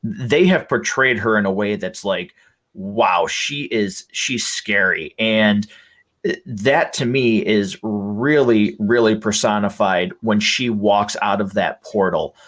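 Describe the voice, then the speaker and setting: A man's voice: on the low side, slow pace, fairly bright tone. A man hosting a podcast, talking casually and with enthusiasm, with lots of fillers and restarts. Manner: enthusiastic, rambling with many fillers. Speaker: podcast host.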